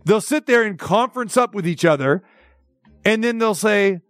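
A man's voice: high voice, expressive, moderate pace, a bit bright, no room sound. A man hosting a sports talk segment, ranting with incredulous rhetorical questions. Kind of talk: opinion rant segment.

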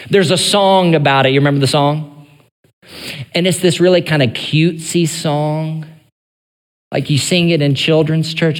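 High-voiced pastor preaching in a reverberant church. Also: male voice, expressive, moderate pace. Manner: earnest preaching, rising to pleading cries when voicing the psalmist. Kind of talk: sermon.

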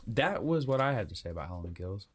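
A man's voice: fairly low pitch, big pitch swings, quick pace, husky. A man co-hosting a casual movie podcast, rambling and swearing freely as he talks through a film, often restarting his sentences. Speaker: podcast co-host. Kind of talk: casual movie review chat.

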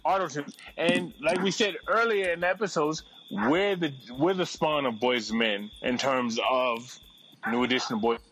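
A man's voice: a little high, moderate pace, a crowd in the background, low-quality recording. A man hosting a podcast in casual chat, brash, profane and opinionated. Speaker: podcast host.

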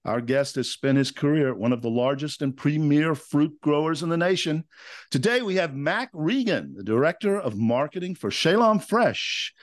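A man's voice: a little high, animated, normal speed, no echo, studio quality. A man hosting a podcast, opening in an upbeat announcer style and then chatting with fillers. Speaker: podcast host. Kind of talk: podcast intro and interview.

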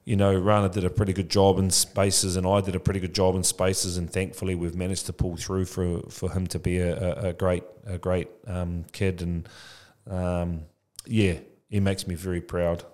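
Here the forties-aged podcast guest sits low in pitch, keeping a level, slightly mellow tone at a moderate pace. He founded a childcare business and, in this candid interview, stays casual, reflective and frank, repeatedly addressing the host as "bro."

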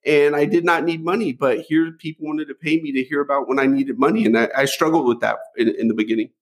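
A middle-aged man telling stories from his life as a podcast guest, animated, often repeating a word as he starts a thought. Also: on the high side, fast. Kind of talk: storytelling interview.

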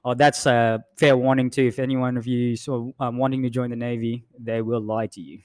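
A man's voice: medium pitch, flat delivery, a little fast. Frank, cursing man from the Philippines. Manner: frank and loose, swearing freely. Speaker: podcast co-host, Navy veteran. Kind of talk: casual chat.

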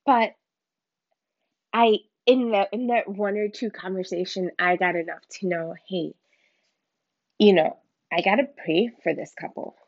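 A woman's voice: mid-range voice, fairly even intonation, unhurried, pauses often, no echo. A woman giving a candid, emotional personal faith testimony in informal, slangy speech. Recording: dull lo-fi dry recording.

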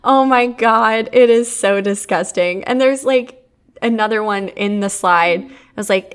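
A woman's voice: medium pitch, unhurried, smooth. A young adult woman co-hosting a podcast, talking bluntly and sarcastically and laughing often. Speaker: podcast co-host. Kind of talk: casual banter.

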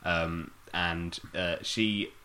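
A man's voice: low-pitched, fairly even intonation, drawn-out words, pushed and bright. Sweary man recapping a film. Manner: sweary, dry humour, recaps the plot. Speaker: podcast host. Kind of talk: casual film recap chat.

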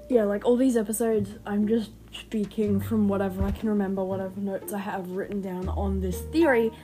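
A young woman hosting an unscripted fan-theory podcast, excitable and rambling, who speeds up when excited. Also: medium pitch. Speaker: podcast host. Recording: music playing behind the voice.

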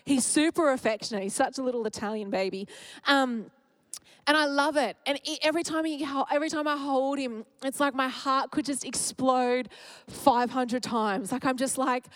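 A woman, preaching a sermon in a candid, heartfelt way that often slips into laughter. Her voice sits a little high, and the close mic gives it a dry sound with no room echo. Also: moderate pace. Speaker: speaker at church.

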